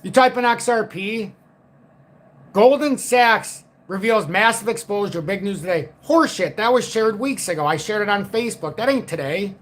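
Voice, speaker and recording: A man with a notably high-pitched voice holds forth on a casual livestream. He talks bluntly and cynically and swears freely as he rants. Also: expressive, brisk, hardly any pauses. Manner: blunt, profane, cynical ranting. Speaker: crypto market livestream host.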